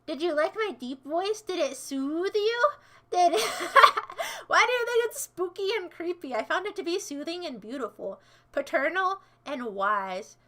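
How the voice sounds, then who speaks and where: A woman's voice: very high voice, expressive, moderate pace, fairly bright tone. A woman livestreaming in a casual chat, answering her viewers in a playful, goofy way that jumps between silly voices and asides.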